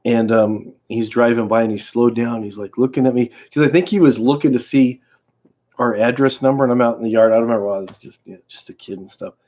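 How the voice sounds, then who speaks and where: A man hosting a livestream, telling a story in a casual, rambling way with many halting restarts. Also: mid-range voice, a little mellow. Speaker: livestream host. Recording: dull lo-fi stream audio.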